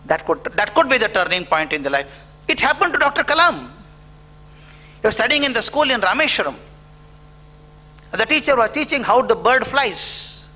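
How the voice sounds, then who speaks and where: A man's voice: high-pitched, bright, forceful tone. A middle-aged man with an Indian English accent giving a motivational storytelling lecture, acting out the dialogue in his stories. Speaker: educator giving a guest lecture. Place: auditorium.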